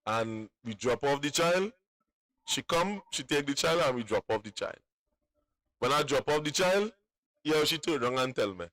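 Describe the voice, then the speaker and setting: A man's voice: mid-range voice, expressive, normal speed, a bit bright, dry recording. Man, caller recounting a story, rambling, repeats himself, dry close sound. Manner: rambling, repeats words in Creole English. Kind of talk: telling a personal story.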